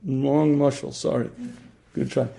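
A man teaching a religious class who often clears his throat and asks his listeners questions. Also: medium pitch, level tone, measured pace, mellow.

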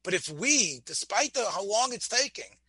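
A man's voice: high voice, sing-song, moderate pace, pushed and bright, slightly rough, no room sound. A man giving a Torah class, asking his listeners questions and often restarting his words. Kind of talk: Torah lecture.

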